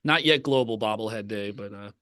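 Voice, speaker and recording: A man's voice: lowish voice, brisk, sharp tone, no echo, clean studio sound. A man co-hosting a podcast, chatting casually in a rambling way with many fillers and restarts. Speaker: podcast co-host, writer. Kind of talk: casual chat.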